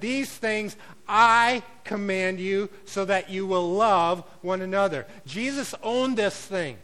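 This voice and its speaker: A man preaching a sermon as pastor, swinging between loud declarations and quiet, conversational asides. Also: high-pitched, poor audio.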